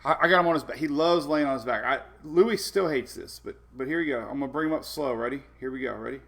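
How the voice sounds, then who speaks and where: Weather stream guy, kinda high gravelly voice, just chatting and laughing with his dogs. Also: quick pace, a bit bright. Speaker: weather live-stream host. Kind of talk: casual live-stream chat.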